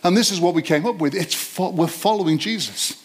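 A man preaching a sermon to his church, reading scripture slowly with stressed words and quizzing the congregation. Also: high-pitched. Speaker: pastor. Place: church service.

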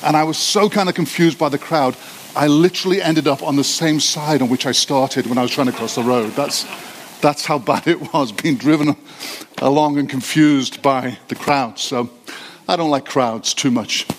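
A man preaching in a relaxed, conversational way, full of self-deprecating asides, with frequent halting restarts. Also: on the high side. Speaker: pastor. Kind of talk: sermon. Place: church hall.

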